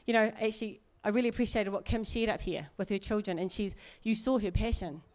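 A woman's voice: medium pitch, fairly even intonation, normal speed, darkish tone. A middle-aged woman preaching in a chatty, earnest way, with asides and laughs. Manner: conversational, earnest, laughs often, many asides. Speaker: church speaker. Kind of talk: sermon.

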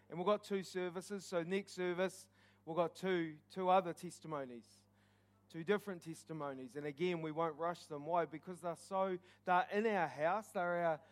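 A man, preaching as pastor at a church service, telling his own testimony with rising passion and leading an altar call. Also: on the high side.

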